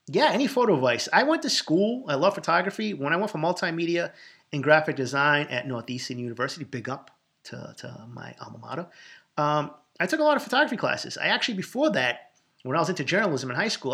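Brash Boston-accented man, pitched a bit high. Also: gravelly, sharp tone. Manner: emphatic, profane, boastful. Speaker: podcast host. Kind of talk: solo podcast answering listener questions.

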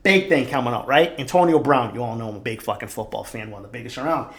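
Speaking fast in a mid-range voice, a podcast host from East Boston with a Boston accent tells a fired-up story into a studio microphone. It's a casual storytelling rant, and he swears constantly throughout.

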